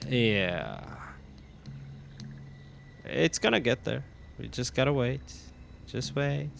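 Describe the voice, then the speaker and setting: A man giving relaxed gameplay commentary as he tests a game on his PC, thinking aloud with many fillers and restarts. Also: medium pitch, slow, gravelly, a little hiss or hum. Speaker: gaming channel host.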